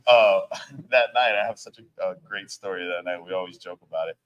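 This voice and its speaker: A man with a fairly low voice tells road stories from his band's early days as a guest. His talk is loose and casual, thick with swearing and filler words, and he rambles through anecdotes. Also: a little fast, a bit bright, muffled recording. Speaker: band member, interview guest. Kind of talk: casual storytelling chat.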